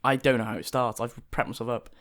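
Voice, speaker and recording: A man's voice: medium pitch, fairly even intonation, fast, a bit bright. A man co-hosting a podcast in playful casual chat, sometimes singing. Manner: playful, half-sung banter. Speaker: podcast co-host.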